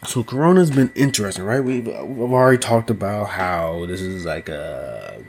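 A man hosting a solo podcast, talking slowly and loosely, often asking "you know what I mean". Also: low-pitched, expressive, vocal fry, slight background noise. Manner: slow, thoughtful delivery with small laughs. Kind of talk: casual solo podcast monologue.

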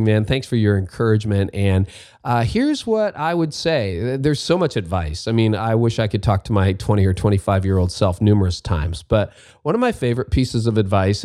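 Low, mellow-voiced Canadian man giving advice. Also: no echo, clean studio sound. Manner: candid, self-deprecating, repeats key phrases. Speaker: podcast host answering listener questions. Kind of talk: casual advice talk.

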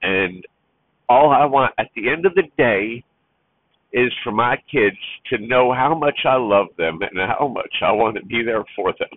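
A truck-driving father speaks from the heart, close to tears, his thoughts tumbling out with restarts and fillers. His voice sits at an ordinary middle pitch. The audio is thin and phone-like, with no room sound around it. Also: expressive, unhurried, no echo. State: emotional, near tears. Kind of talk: personal vlog monologue.

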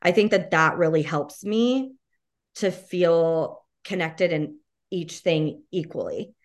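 Lower-voiced woman, casual and encouraging. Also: slow. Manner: casual and encouraging, many "like" and "you know". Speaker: podcast guest. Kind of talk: casual podcast interview.

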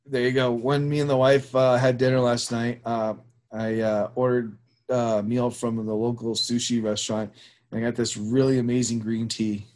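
A man's voice: medium pitch, flat delivery, moderate pace, a little mellow. A man hosting a casual chat show, talking in a loose, rambling way with lots of fillers and restarts. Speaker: show host.

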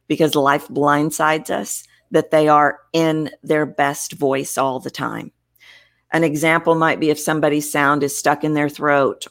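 Woman voice coach, very low pitch, expressive interview answers. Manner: expressive, demonstrates vocal variety while explaining. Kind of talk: interview conversation.

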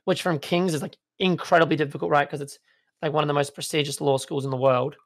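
A man's voice: fairly high pitch, steady tone, fast talker. A young man, a guest in a casual chat, rambling with lots of fillers. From Australia. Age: young adult. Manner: rambling, filler-heavy, laid-back.

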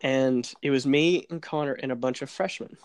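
A young man telling a funny story in casual chat, animated and laughing as he acts out the people in it. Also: medium pitch, moderate pace, clean tone, dry recording. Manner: animated, laughing, acts out voices in his stories.

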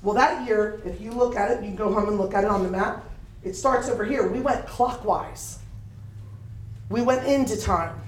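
An older woman preaching a sermon, telling lively stories with laughter in a preaching cadence. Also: mid-range voice, moderate pace. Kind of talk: sermon with storytelling. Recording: echoey room picked up from a distance.

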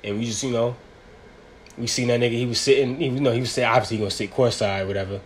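A man's voice: medium pitch, fairly even intonation, rapid-fire. A young man hosting a casual solo podcast, talking in a profane, rambling, slang-heavy way. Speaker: podcast host.

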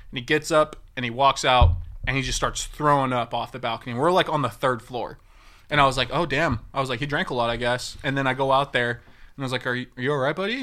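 A man's voice: medium pitch, bright, forceful tone. A young man telling a story in casual chat, acting out what people said and swearing freely.

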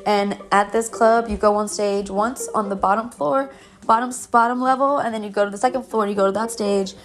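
A woman's voice: mid-range voice, fairly even intonation, fairly quick. A woman telling a personal story in a casual, rambling way, full of "like" fillers and restarts. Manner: rambling, heavy with "like" fillers and self-corrections; emotional, breaks into laughs. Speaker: storyteller recounting her own experience.

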